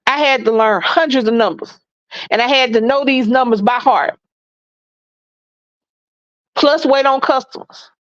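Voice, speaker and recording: A woman's voice: sits high, no echo, muffled recording. A woman with a Southern accent co-hosting a casual live stream, talking bluntly and emphatically, often repeating herself. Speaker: co-host.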